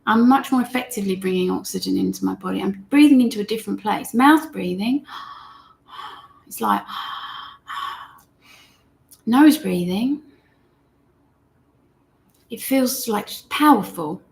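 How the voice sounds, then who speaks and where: A woman guides viewers through a live meditation lesson, chatting gently and reading out their comments as they come in. Her voice sits mid-pitch with a slightly gravelly, fry-tinged texture. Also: moderate pace, long pauses. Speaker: meditation teacher.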